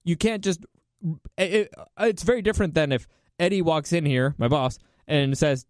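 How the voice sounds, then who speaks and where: A man's voice: high-pitched, animated, brisk, no echo, clean studio sound. A man hosting his own show, giving opinionated solo commentary in an emphatic, profane rant. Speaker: podcast host.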